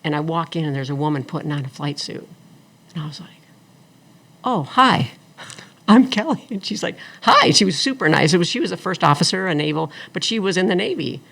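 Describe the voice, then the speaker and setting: Lively storytelling woman, gravelly voice. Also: deep voice, fast. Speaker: guest, attorney and former engineer. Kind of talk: casual storytelling in an interview.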